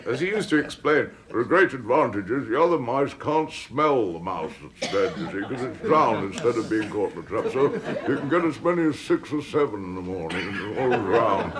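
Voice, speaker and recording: A man's voice: medium pitch, fairly bright tone. A man telling an anecdote on a chat show, reflective and laughing as he tells it. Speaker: guest storyteller.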